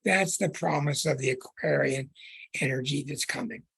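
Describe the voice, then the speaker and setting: A man's voice: a little high, moderate pace, gravelly, a bit bright, husky. A man hosting an astrology show, talking in an earnest, preaching monologue, stretching words for emphasis and restarting phrases. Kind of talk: podcast monologue.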